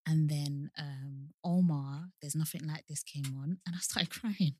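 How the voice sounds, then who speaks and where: A young woman co-hosting a casual chat podcast, animated, repeating herself and acting out quotes. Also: deep voice, unhurried. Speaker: podcast co-host.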